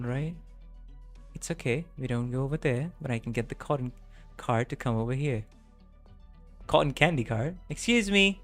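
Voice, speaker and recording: Male game streamer, slightly high voice, excitable rambling reactions, soft game music underneath. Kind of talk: reading game dialogue aloud and reacting.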